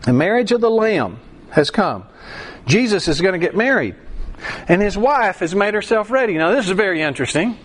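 A man's voice: sits high, normal speed. A man preaching a sermon verse by verse, acting out quoted voices and bursting into song. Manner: animated preacher, acts out voices and sings a line. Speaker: pastor.

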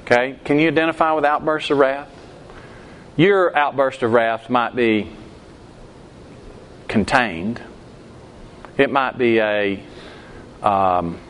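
A man's voice: medium pitch, steady tone, takes it slowly, pauses often, a bit bright, a little hiss or hum. A man preaching a sermon, quizzing the congregation with questions and acting out quoted outbursts. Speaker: pastor. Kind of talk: interactive sermon.

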